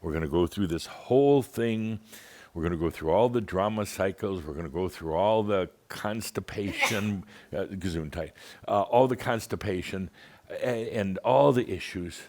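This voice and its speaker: A man's voice: low-pitched, moderate pace, a little mellow. A man giving a channeled spiritual talk in a theatrical, wry, teasing manner. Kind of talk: monthly spiritual gathering talk.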